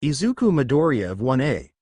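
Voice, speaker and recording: A man's voice: medium pitch, sing-song, brisk, warm tone, slightly rough, no echo. A man voicing a flamboyant, teasing adult female hero who referees a school tournament in a fan-fiction reading.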